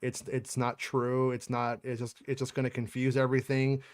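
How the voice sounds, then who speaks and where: A man's voice: medium pitch, completely flat delivery, normal speed. A man hosting a casual livestream chat, rambling and cursing, with frequent restarts. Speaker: podcast host.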